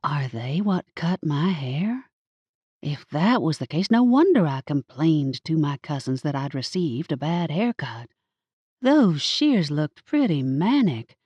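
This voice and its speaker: A woman narrating a first-person audiobook in a measured, expressive way, with playful wry asides. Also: low-pitched, husky, dry recording.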